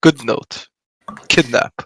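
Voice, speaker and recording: A man playing a tabletop game, talking in a deadpan, clipped way. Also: slow pace, slight background noise. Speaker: player. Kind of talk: casual tabletop chat.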